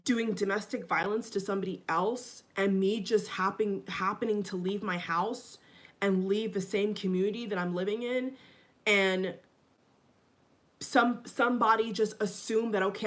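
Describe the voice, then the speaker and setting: A woman ranting to her viewers at a phone camera in her home kitchen. She sounds rattled and angry, circling back over the same words and swearing freely, in a voice of middling pitch. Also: steady tone, moderate pace. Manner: upset and agitated, repeats herself, swears. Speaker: vlogger. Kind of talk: casual vlog rant.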